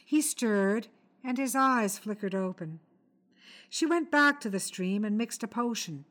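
A woman reading a short story aloud in a measured, expressive storytelling manner. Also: on the high side. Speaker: story reader. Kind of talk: scripted narration.

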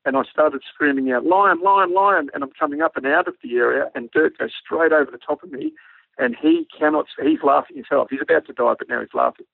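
An Australian ex-army pilot tells a storytelling anecdote on radio, his gravelly, medium-pitched voice talking fast with no echo. The line is narrow and phone-like, and he animatedly acts out each bit of dialogue in the yarn.

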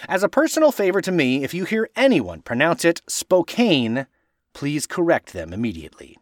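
A man from Washington state hosting a podcast, reading a script playfully and spelling out place names slowly to correct how they are said. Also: fairly high pitch, big pitch swings, no echo. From Washington state, USA. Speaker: podcast host.

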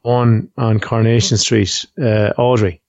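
A man's voice: fairly low pitch, little pitch movement, measured pace, a little mellow, dry recording, muffled recording. A man co-hosting a podcast over a call, playful and teasing. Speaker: podcast co-host. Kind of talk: casual chat on a video call.

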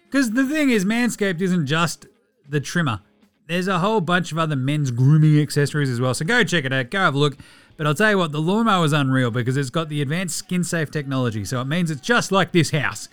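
A man's voice: on the high side, dry recording. Jokey Australian man hosting. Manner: jokey, irreverent, lively banter. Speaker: podcast host. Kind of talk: casual podcast chat and host-read ad. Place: podcast studio.

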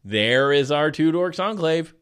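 A man's voice: on the high side, lively intonation, unhurried, a bit bright, smooth. A man co-hosting a podcast, reading a news story aloud and chatting casually, laughing often as he tells stories. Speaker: podcast co-host.

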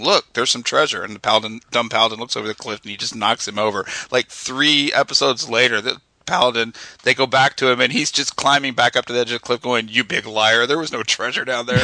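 A man's voice: medium pitch, sharp tone, dry recording. A man co-hosting a podcast, chatting eagerly and emphatically about favorite comics. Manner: enthusiastic, emphatic, quick to agree. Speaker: podcast co-host. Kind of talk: casual chat.

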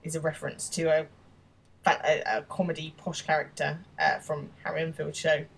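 A woman with a fairly low voice recaps a TV episode in a relaxed podcast chat. She often stops and restarts mid-sentence while searching for words, and she sits a little back from the microphone. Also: moderate pace, gravelly, husky, far from the mic, poor audio. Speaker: podcast co-host. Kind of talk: casual episode recap and review.

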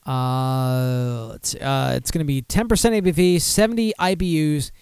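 A man hosting a casual live beer show with a slightly high voice, talking into a close, dry mic. He rambles to himself and bursts into mock-outraged rants. He moves between chatty asides and reading out listings. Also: measured pace, smooth, dry recording. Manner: animated, mock-outraged outbursts and rambling self-talk. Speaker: podcast host.

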